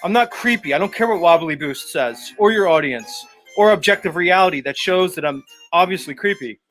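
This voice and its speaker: A man's voice: sits high, animated, a little fast, fairly bright tone, faint music behind. A man doing a mocking impression of a whiny, defensive, creepy man who swears a lot. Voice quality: whiny, indignant, profane.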